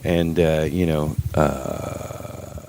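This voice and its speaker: A man's voice: low voice, normal speed, a little hiss or hum. A man co-hosting a podcast, chatting casually in a rambling way with dry sarcasm, just over an illness. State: recovering from covid. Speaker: podcast co-host. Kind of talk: casual chat.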